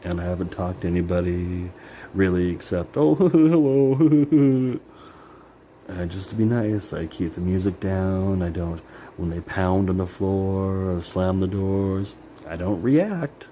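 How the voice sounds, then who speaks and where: Deep-voiced man venting in a ramble. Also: steady tone, measured pace, warm tone, a little hiss or hum. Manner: rambling, profane, many "like" fillers; emotional, bitter. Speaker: vlogger. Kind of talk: personal venting monologue.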